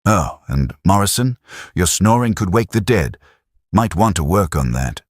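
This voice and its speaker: Cheeky soldier, dry teasing banter, raised and lively, dry studio , voiced by a deep male narrator. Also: a little slow, breathy edge, dry recording, exaggerated voice. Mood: friendly. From Sheffield, England. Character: cheeky young British private, joking.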